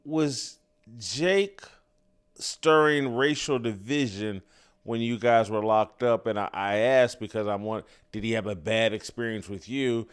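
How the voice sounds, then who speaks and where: Smooth low-voiced male host. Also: measured pace. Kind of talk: interview questions and commentary.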